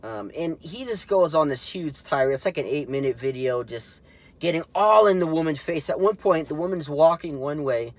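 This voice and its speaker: Speaking at a normal speed in a slightly high, expressive voice, a man hosts his own political commentary show. His casual talk is indignant and mocking, rambling and full of fillers and restarts.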